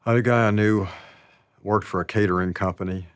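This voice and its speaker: A man telling stories about his past in a slow, rambling, casual way, laughing often. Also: fairly low pitch, fairly even intonation, clear, resonant tone, no room sound. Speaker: interviewee. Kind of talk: casual storytelling.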